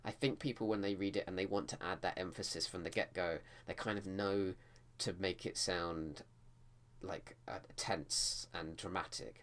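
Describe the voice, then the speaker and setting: Deep-voiced guy chatting about editing his book, keeps restarting his sentences. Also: fairly even intonation, moderate pace, fairly bright tone. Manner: rambling, with frequent restarts. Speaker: writing vlogger. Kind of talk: casual talk to camera about editing.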